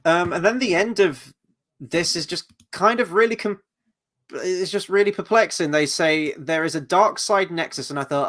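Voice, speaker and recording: A man's voice: high-pitched, moderate pace, fairly bright tone. A man hosting a casual film review chat, candid and crude with lots of jokes.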